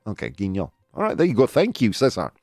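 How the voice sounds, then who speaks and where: Man, host, playful, laughing, lively pitch, dry close mic. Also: fast, dry recording, faint music behind. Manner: lively, playful, often laughing, chatting with viewers. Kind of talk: live-streamed news quiz chat.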